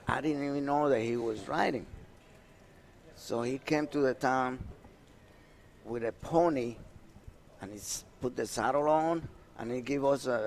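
A man's voice: medium pitch, a little hiss or hum. An older man from Panama with a Panamanian Spanish accent, a retired jockey telling stories in an interview. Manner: animated storytelling, trailing off quietly. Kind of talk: reminiscing interview.

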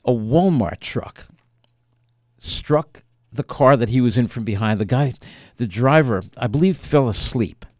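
A man tells a story in an animated way, his voice swinging widely up and down in pitch. He often repeats words as he restarts a thought. The sound is close and dry, with no room echo. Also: measured pace. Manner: animated storyteller who acts out quotes. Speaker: author and interview guest. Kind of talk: emotional personal storytelling.

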